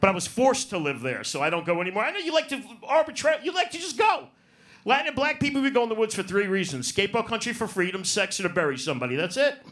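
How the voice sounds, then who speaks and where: A man's voice: sits high, sing-song, fast, fairly bright tone. A man doing a profane, brash stand-up set in a comedy club, working the crowd. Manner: profane, brash, riffs on audience.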